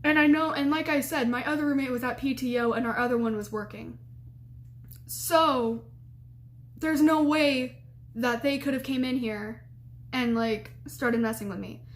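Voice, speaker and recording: A young woman in college tells a personal story in a casual way, her voice sitting high at a moderate pace. She's animated, laughs a lot, and acts out what people said by raising her voice for the quotes.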